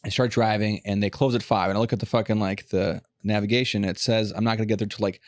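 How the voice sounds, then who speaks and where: Guy ranting fast on a podcast, swears a lot, dry close sound. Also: on the low side, fairly even intonation, no echo. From Los Angeles area. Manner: profane, fast storytelling rants. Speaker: podcast host. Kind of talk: casual chat.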